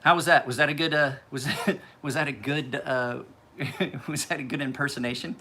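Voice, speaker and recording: A man's voice: medium pitch, fairly even intonation, moderate pace, bright, forceful tone. A man hosting a casual live stream, rambling, laughing often and swearing freely.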